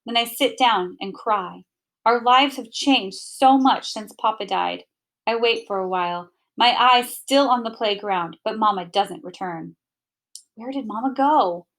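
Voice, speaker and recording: A woman's voice: fairly high pitch, unhurried. Woman reading a children's storybook aloud. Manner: gentle, expressive first-person narration. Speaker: storybook reader.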